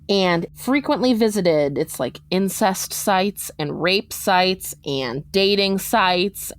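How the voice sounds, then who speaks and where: Low-voiced young woman recounting earnestly. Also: fairly bright tone. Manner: earnest, measured recounting that turns urgent. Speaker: interviewee recounting her experience. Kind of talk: podcast personal testimony.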